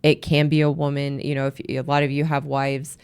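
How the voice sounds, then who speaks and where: A woman's voice: extremely low pitch, level tone, a little fast, darkish tone, clean tone. A woman host and marriage coach giving earnest advice, often repeating words as she restarts. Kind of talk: advice talk to camera.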